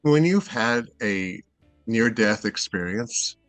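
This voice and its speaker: A man's voice: fairly low pitch, expressive, slow, fairly bright tone, dry recording, faint music behind. A middle-aged man from Seattle, a guest in a casual interview, rambling and hesitant with many fillers and restarts. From Seattle, USA.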